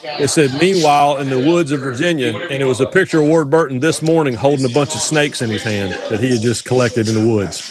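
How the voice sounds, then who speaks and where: A man with a Southern US accent co-hosting a radio show, telling animated stories in casual banter full of restarts. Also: medium pitch, a little fast, a crowd in the background. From American South. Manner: animated storyteller, chatty with many restarts.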